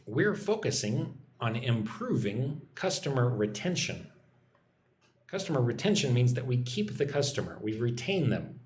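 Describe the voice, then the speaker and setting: A man's voice: medium pitch, very animated, unhurried, darkish tone, echoey room. A man teaching English on a live stream, explaining example sentences patiently and often checking in with "right?".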